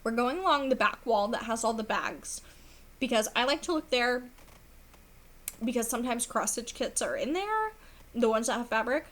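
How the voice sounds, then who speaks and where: A rambling, chatty young woman talks to her camera at home in a fairly high voice. She fills her speech with ums and little laughs, and her voice is wearing thin as if she's losing it. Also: animated, normal speed, fairly bright tone. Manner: chatty, rambling, laughs often, many fillers. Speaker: cross stitch vlogger. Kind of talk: casual chat.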